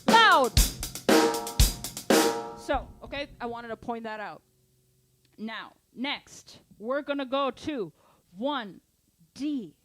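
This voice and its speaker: An energetic woman teaches a drum lesson, counting beats aloud and calling out to her students. Her voice sits a little high for a woman, and a drum kit rings out clearly behind her. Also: slow pace, over loud music. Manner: energetic, calls out counts and asks for engagement. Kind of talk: live online drum lesson.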